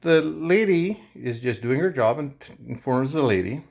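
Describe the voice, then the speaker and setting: Guy ranting about what happened at the store, voice jumping all over, medium pitch. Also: moderate pace, creaky. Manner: animated, indignant retelling of a confrontation. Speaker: vlogger. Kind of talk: casual storytelling to camera.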